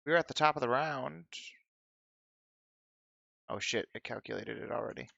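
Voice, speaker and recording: A man's voice: mid-range voice, normal speed, gravelly, bright, forceful tone, dry recording, highs cut off. A man casually running a tabletop game as game master, explaining rules with joking asides.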